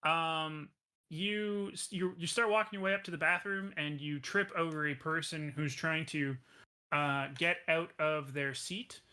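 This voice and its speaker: A man's voice: a little high, steady tone, a little slow, bright, forceful tone. A man narrating as game master in a casual, rambling way. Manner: casual, full of fillers and restarts.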